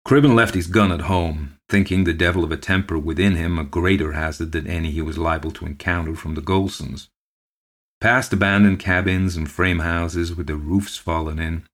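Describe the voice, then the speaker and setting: Deep-voiced man reading a ghost story. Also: fairly bright tone. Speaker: podcast narrator.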